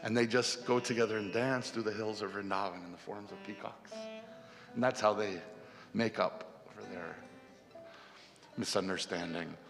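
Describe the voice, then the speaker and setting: Creaky-voiced man telling a devotional story. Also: fairly low pitch, moderate pace. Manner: animated, casual retelling with fillers. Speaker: spiritual storyteller. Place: festival hall. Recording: long hall reverb, faint music.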